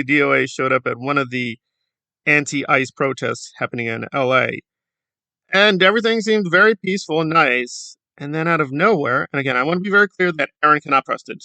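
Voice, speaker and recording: Bright-voiced sarcastic male commentator. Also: fairly high pitch, vocal fry, no echo. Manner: sarcastic, critical, chatty. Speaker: YouTube commentator. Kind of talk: casual commentary vlog.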